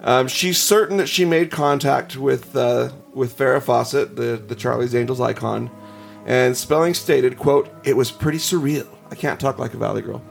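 A man's voice: mid-range voice, normal speed, creaky, soft background music. A man hosting a casual podcast, reading ghost stories aloud with chuckles and asides. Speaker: podcast host.

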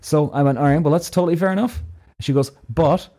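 A man's voice: fairly high pitch, a little fast. Swearing Irish man telling a story. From Ireland. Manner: animated, swears often, acts out both sides of conversations. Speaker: vlogger telling a personal story. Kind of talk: casual storytelling.

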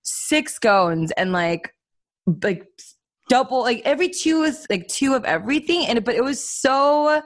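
A woman's voice: high-pitched, expressive, measured pace, no room sound. A woman co-hosting a casual podcast, chatting in a rambling, giggly way with lots of fillers. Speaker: podcast co-host. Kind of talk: casual chat.

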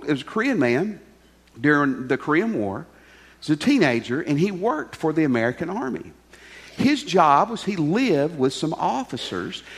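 Brief: male pastor, humorous, emphatic sermon, lively pitch swings. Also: big-room sound.

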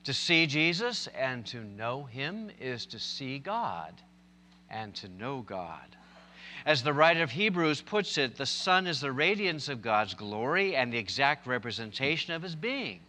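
A man's voice: mid-range voice, very animated, a little slow, pushed and bright, big-room sound. A man preaching a sermon, telling stories and building to emphatic, impassioned points. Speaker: pastor.

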